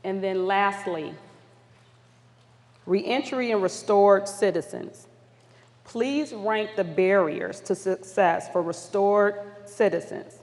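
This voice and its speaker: A woman's voice: mid-range voice, slow pace, a little mellow. A woman facilitator leading an audience through polling questions at a community summit, upbeat and encouraging. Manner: upbeat, encouraging, apologetic when flustered. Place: large conference hall. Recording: long hall reverb.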